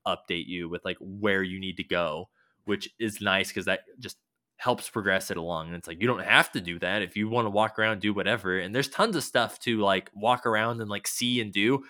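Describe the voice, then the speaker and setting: A man's voice: lowish voice, moderate pace, sharp tone, no echo, studio quality. A man casually rambling about a video game, loose and swearing now and then, with many fillers.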